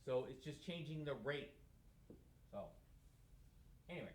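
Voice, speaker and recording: A man's voice: on the high side, animated, a little slow, a little hiss or hum. Man teaching, echoey classroom. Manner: conversational, asks questions and answers them himself. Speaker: math teacher. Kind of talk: classroom lecture. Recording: echoey room.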